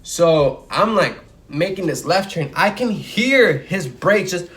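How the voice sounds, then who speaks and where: A man's voice: sits high, takes it slowly. A young man from Chicago telling a story casually in a vlog, with many fillers. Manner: casual, filler-heavy, animated retelling.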